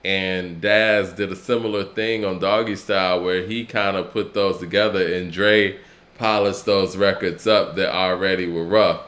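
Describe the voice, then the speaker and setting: A man co-hosting a casual hip hop talk show, relaxed and reflective, often trailing off into a quieter voice. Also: sits low, measured pace. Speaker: podcast co-host.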